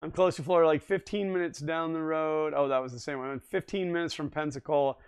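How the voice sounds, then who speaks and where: A man's voice: fairly high pitch, fairly even intonation, fast talker, clear, resonant tone. A man hosting a livestream, chatting casually and reading viewer comments aloud, easygoing and often laughing. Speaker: livestream host.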